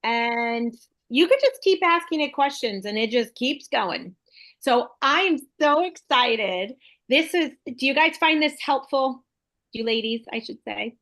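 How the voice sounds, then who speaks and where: Her voice sits high, sounding expressive and fairly bright, and she talks a little slowly. She's a middle-aged woman real estate broker hosting a casual video call, chatting eagerly and thinking aloud.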